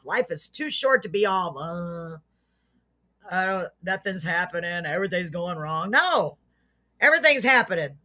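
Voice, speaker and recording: A woman hosts a homespun live show, chatting casually to the people watching. She teases herself and thanks her viewers warmly, her voice bright and clear at an everyday middle pitch. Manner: chatty, self-mocking, warm toward viewers. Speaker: host of a live online show. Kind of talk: casual livestream chat to viewers.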